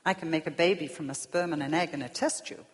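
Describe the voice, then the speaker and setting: A woman's voice: sits low, quick pace, natural voice. A woman preacher voicing a boastful self-made man who sneers at God in a parable. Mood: sneering. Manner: sneering and proud. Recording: long reverb of a large hall.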